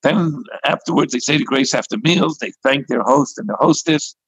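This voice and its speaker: A rabbi telling a story in an animated way, acting out the dialogue between the characters. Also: male voice, medium pitch, moderate pace, husky, dry recording, lo-fi sound. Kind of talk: storytelling sermon.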